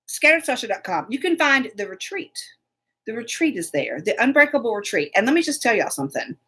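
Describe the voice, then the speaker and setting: A woman's voice: on the high side, big pitch swings, a little fast, pushed and bright, slightly rough. A woman hosting a casual live stream, chatty and laughing often as she greets viewers by name. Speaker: host.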